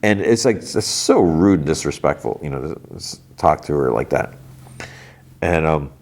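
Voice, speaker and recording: A man's voice: a bass voice, a little slow, darkish tone. A man hosting a podcast, casually recapping a TV episode in a loose, rambling way full of fillers. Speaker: podcast host.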